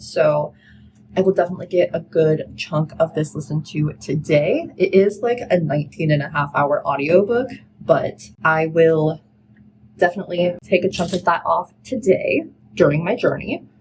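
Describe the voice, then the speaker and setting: A woman's voice: lowish voice, darkish tone, a little hiss or hum, poor audio. A woman vlogging about her reading in a casual, candid chat, dropping lots of "like" fillers. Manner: casual, filler-heavy, with frequent "like"; candid and critical, then upbeat. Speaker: book vlogger. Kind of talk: chatty reading vlog rant.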